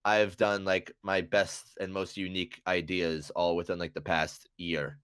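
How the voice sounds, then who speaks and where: Young man, congested nasal sound, low pitch, dry close mic, rambling self-mocking podcast chat. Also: level tone, measured pace, a bit bright, clear, resonant tone, no echo. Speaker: podcast guest.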